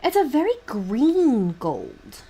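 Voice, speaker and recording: A woman's voice: a little high, huge pitch swings, slow, dark tone, breathy edge. A woman livestreaming as she paints, chatting casually, muttering to herself and swearing now and then. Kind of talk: casual chat while painting.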